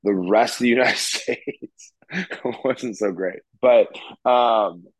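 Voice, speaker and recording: A man co-hosting a casual chat, animated and quick to laugh. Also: on the low side, no room sound, poor audio. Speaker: podcast co-host. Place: California.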